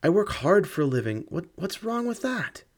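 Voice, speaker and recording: A man's voice: mid-range voice, normal speed, natural voice. A man voicing a desperate, lovestruck young working woman who pleads tearfully with her lover in an audiobook reading. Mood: pleading.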